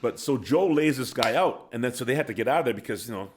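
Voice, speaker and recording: A man's voice: mid-range voice, quick pace, a little hiss or hum. Man spinning a wild hockey story. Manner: lively anecdote teller, laughs at his own story, acts out quotes. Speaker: podcast guest, former pro hockey player and coach. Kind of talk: animated storytelling. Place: podcast studio. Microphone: studio microphone.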